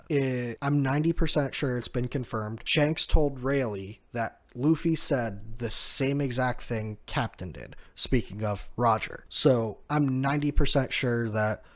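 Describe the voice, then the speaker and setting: A man with an ordinary middle-pitched voice talks through a comic chapter in easygoing recap style. He keeps breaking into short laughs and lightly lifting his voice when he quotes the characters. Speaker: manga recap host. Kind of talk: casual chapter recap, retelling scenes with quoted lines.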